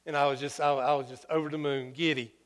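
A man preaching a sermon through personal stories, folksy and humorous, halting with fillers. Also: a little high, steady tone. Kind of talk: sermon storytelling. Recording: long hall reverb.

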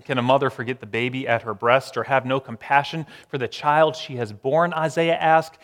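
Middle-aged male pastor, sermon delivery, dynamic swings from loud to near-whisper. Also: mid-range voice, fairly even intonation, long reverb tail. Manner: dramatic pauses, swings from loud to hushed.

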